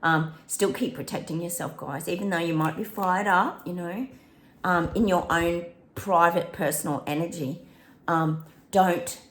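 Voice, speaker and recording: A woman's voice: fairly low pitch, unhurried, echoey room. A woman hosting a psychic prediction channel, chatting casually to viewers, breaking into bits of song and laughing often.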